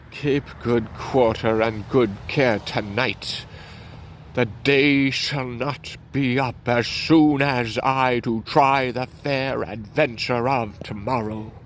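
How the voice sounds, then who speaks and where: Guy reading a gloomy prince, slow and measured, faint street noise around. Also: medium pitch. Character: grim male prince at war, brooding.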